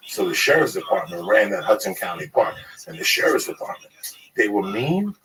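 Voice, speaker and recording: A man's voice: lowish voice, sing-song, brisk, crowd noise. A man telling rambling, profane street stories in a casual group conversation. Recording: distant mic with clear background noise.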